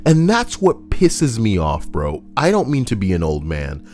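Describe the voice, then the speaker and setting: A young man rants through casual, profane commentary in a wildly lively voice. He rambles, pushing hard on some lines and dropping to a mutter on others. Faint music hums underneath. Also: a little slow. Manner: rambling, swaying between loud rants and low mutters. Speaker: YouTube commentator.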